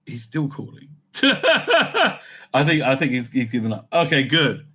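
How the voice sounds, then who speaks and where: A man giving a casual, off-the-cuff TV review, rambling and halting, often tagging his points with a questioning "right?". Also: mid-range voice, fairly bright tone, slightly rough.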